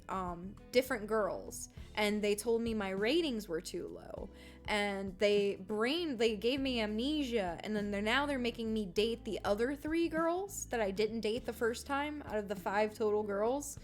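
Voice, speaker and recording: A woman's voice: mid-range voice, measured pace, faint music behind. A woman streaming a game, chatting casually in a playful, rambling, giggly way.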